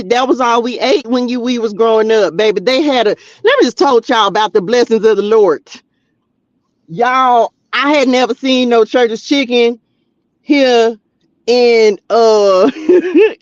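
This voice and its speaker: A man from Texas with a very high voice reads tarot for his audience in a casual, spiritual, exclamatory way, chatting straight to them and calling them "y'all" and "child." The recording has no room sound and comes across dull and slightly lo-fi.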